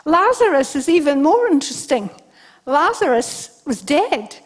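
High-voiced woman preaching a lively sermon. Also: measured pace. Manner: animated storytelling, acting out quoted speech. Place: church service before a congregation.

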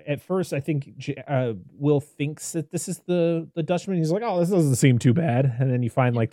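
A man hosts a relaxed podcast film discussion, talking in loose, rambling runs full of restarts. His voice is warm and mellow. The sound is dry and close. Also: medium pitch, dry recording. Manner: rambling and animated, lots of "like" and restarts. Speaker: podcast host reviewing a film. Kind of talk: casual chat.

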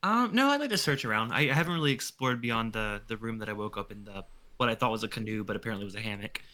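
A man playing a tabletop game, joking in a casual, quick way. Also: lowish voice, expressive, sharp tone. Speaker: player.

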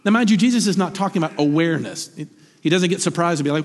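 A husky man preaching with lively swings in pitch, climbing high for emphasis and sinking low for quiet asides. His voice sits fairly high for a man. A long hall reverb trails behind every phrase. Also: fast talker. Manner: animated, rising to emphatic peaks then dropping low. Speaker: pastor. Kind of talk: sermon.

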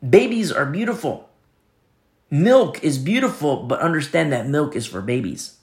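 A man preaching a sermon as pastor, earnest and repetitive, often dropping to a soft hush. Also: on the high side, animated, normal speed, echoey room.

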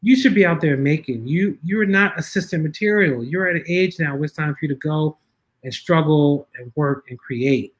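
A man's voice: on the high side, normal speed, voice pushed down, lightly acted. A man quoting a stern, motherly older woman star who lectures him in a firm voice. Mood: firm advice.

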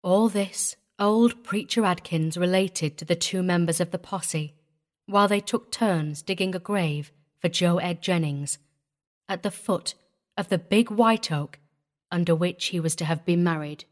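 A woman reading a short story aloud in a measured, even storytelling manner. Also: lowish voice. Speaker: audiobook reader. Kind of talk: scripted story narration.

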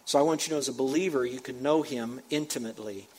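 A man preaching a sermon, stressing his points loudly, dropping to quiet asides, and breaking into the scripture he reads with comments. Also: quick pace, breathy edge. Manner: emphatic, swinging between loud punches and low asides. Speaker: pastor.

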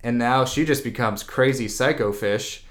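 A man's voice: medium pitch, normal speed, a bit bright. A man in casual chat, retelling a movie plot in a rambling way, full of "like" and "blah, blah.". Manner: rambling, heavy use of "like" and "blah, blah".

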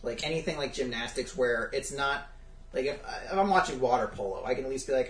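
Animated man in an echoey room. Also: medium pitch. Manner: animated, quick-fire questions, emphatic swearing. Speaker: host leading the questions. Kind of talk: casual family podcast chat. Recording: echoey room, mic at a distance.

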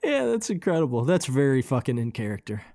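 A man's voice: medium pitch, sing-song, mellow, no room sound, studio quality. Upbeat swearing male podcast host. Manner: upbeat, swears casually, quick to laugh. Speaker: podcast host reviewing music. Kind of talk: casual chat.

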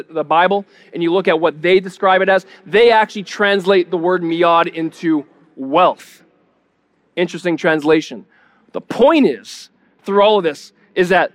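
High-voiced male pastor preaching. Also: fairly bright tone. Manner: teaching, repeats words when searching, asks the congregation questions. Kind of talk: sermon.

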